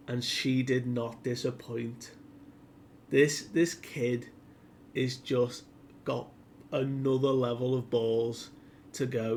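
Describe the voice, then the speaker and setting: A man reviewing a comic chapter in a relaxed, slow way, retelling scenes animatedly and peppering them with "like". His speech is unhurried and chatty. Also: mid-range voice, slight background noise. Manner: animated retelling full of filler "like". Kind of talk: casual chapter recap.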